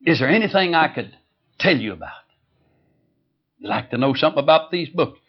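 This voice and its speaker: A woman's voice: sits low, sing-song, brisk, breathy edge, dull audio, voice pushed up, exaggerated voice. A man voicing a jolly, rotund woman who is eager and then indignant, quoted in a sermon. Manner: earnest, insistent.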